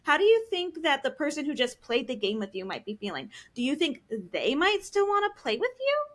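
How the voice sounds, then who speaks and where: High-voiced woman counselor explaining casually. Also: wildly swooping pitch, a little fast. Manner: explains with acted-out examples, frequent fillers. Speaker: licensed professional counselor, podcast guest. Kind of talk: casual podcast conversation.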